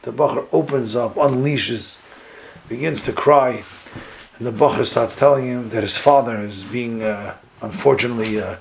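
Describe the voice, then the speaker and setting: A man with a gravelly, creaky voice of middling pitch gives a storytelling sermon as a rabbi. He retells events dramatically, pushing his voice higher at the big moments, and a faint hiss sits under the recording. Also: moderate pace, poor audio.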